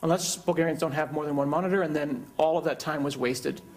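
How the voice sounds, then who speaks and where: A man's voice: fairly high pitch, fast. Joking man giving a keynote demo. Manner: joking, conversational. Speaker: keynote speaker. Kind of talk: live software demo presentation.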